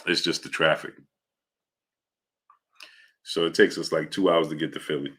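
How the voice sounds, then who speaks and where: A deep-voiced man, hosting a live sports show. His tone is bright and forceful. He rambles casually and greets chat viewers one by one. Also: fairly even intonation, moderate pace, husky. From New York. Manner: rambling, greets chat viewers by name, many filler sounds.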